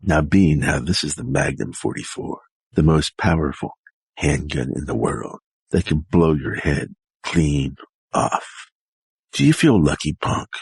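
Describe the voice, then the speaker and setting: A man doing an impression of a gruff film tough guy, low, breathy and menacing. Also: sing-song, a little slow, no echo, heavily acted.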